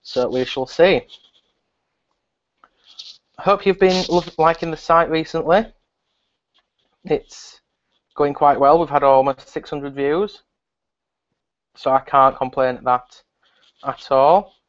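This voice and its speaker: A man's voice: on the high side, slow, pauses often, highs cut off. A man hosting a live stream from a relative's house, chatting to viewers in a rambling way. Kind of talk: casual live stream chat.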